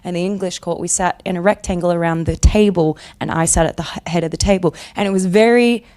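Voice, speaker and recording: An Australian woman, an actress, chatting casually as an interview guest, bubbly and quick to laugh. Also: on the low side, warm tone.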